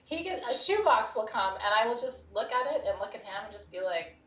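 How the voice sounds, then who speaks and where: A woman's voice: mid-range voice, fast, a bit bright, a little hiss or hum. Chatty, effusive woman host in a roomy space. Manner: talkative, effusive, enthusiastic. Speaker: host of a live gemstone sales show. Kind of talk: chatty live sales presentation. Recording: roomy studio sound from a distance.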